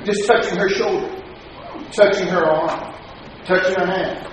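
Male preacher with a high voice, animated storyteller who swings from quiet to loud; echoey room with a faint hiss. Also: a little slow. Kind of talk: sermon.

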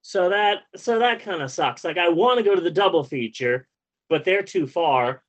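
A man's voice: sits high, expressive, normal speed, rough recording. A man in his thirties, a podcast host, ranting in casual chat with lots of swearing and exasperation.

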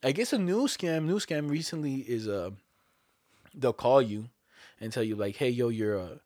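A young man telling a story in casual chat, animated and swearing, acting out the voices of the people in it. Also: mid-range voice, moderate pace, dry recording, studio quality.

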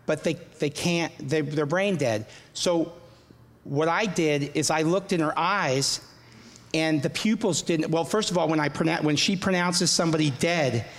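A man giving an earnest personal faith testimony, halting and often repeating his words. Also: a little high, a bit bright, in a large hall.

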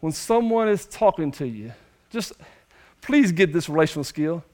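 High-voiced preacher man. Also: big pitch swings, moderate pace, darkish tone. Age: young adult. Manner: emphatic preaching with repeated phrases. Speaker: pastor. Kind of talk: sermon.

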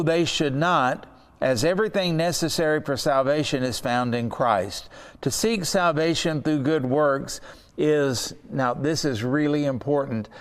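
Earnest male Bible teacher, smooth voice. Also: on the high side, long reverb tail. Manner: earnest, slows down to stress key words. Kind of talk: Bible study lesson.

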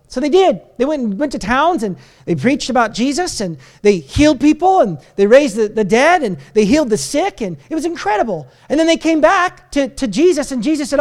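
A man with a strikingly high voice preaches in a church. He tells the story casually and with energy, full of fillers and restarts. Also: very animated, a little fast. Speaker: pastor. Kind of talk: sermon.

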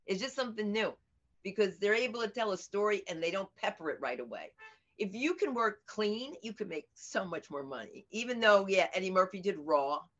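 A middle-aged American woman comedian and teacher, telling stories in an animated, outspoken way during an interview. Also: medium pitch, fairly quick. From United States. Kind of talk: conversational interview over video. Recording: dull lo-fi audio.

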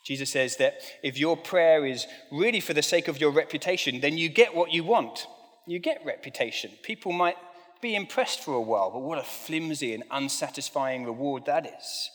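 A man's voice: on the high side, moderate pace, fairly bright tone. A middle-aged man preaching a sermon in a conversational, self-deprecating way with light humor. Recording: long reverb of a large hall.

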